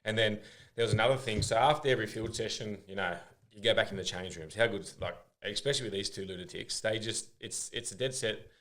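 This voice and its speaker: Young Aussie man as podcast guest, lower-pitched voice, chatty and meandering with lots of ums and restarts. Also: quick pace, few pauses, a bit bright. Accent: Australian. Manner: rambling storyteller, lots of fillers and restarts. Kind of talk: casual interview chat.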